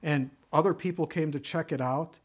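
A man's voice: a little high, moderate pace, breathy edge. A man preaching a sermon, earnest and exhorting, telling stories to make his points. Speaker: pastor.

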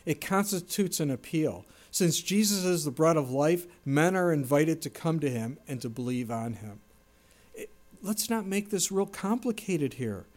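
A man's voice: on the high side, a little mellow. A man preaching a sermon in an earnest, emphatic way, quoting and explaining scripture. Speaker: pastor.

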